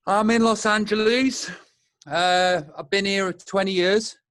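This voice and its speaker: A man's voice: sits high, steady tone, slow pace, fairly bright tone, clear, resonant tone, dry recording, clean studio sound. A man in his forties with an English accent, chatting casually and swearing freely as a guest over a video call. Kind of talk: casual chat.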